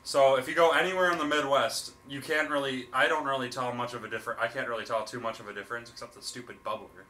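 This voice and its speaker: A man's voice: mid-range voice, steady tone, fast talker, few pauses, sharp tone, a little hiss or hum. A young man, joking and laughing often in a casual podcast chat. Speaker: podcast co-host.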